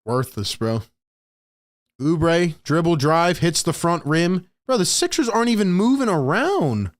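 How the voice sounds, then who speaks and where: A man's voice: fairly high pitch, sing-song, unhurried. Frustrated young American man on a live stream. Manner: frustrated, blunt, talks straight to chat. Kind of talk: live play-by-play and reaction stream.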